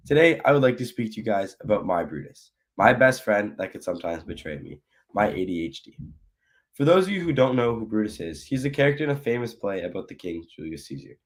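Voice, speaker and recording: Low-voiced young man giving a speech. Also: very animated, fast talker. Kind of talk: prepared personal speech.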